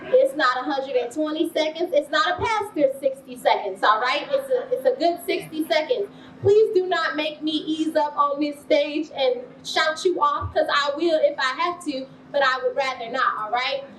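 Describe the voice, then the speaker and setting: A woman's voice: high voice, normal speed, a little hiss or hum. A woman emceeing an awards ceremony, playful and commanding, leading the crowd in call-and-response. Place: event hall. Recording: roomy hall sound from far off.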